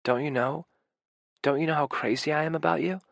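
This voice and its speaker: A man voicing a gentle, steady adult man who soothes his partner in a soft, reassuring way. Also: a little high, fairly quick, vocal fry, dry recording, studio quality, pitched above the performer's own voice. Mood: tender.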